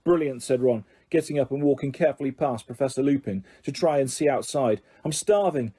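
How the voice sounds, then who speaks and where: A man narrating an audiobook in a steady storytelling manner, with occasional small slips. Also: medium pitch, fairly quick, breathy edge.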